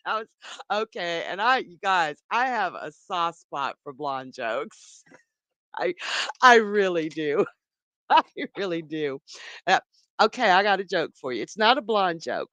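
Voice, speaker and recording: Chatty, animated woman psychic host. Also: fairly low pitch, slow, no room sound. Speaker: psychic reader and stream host. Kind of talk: live tarot reading stream, casual chat.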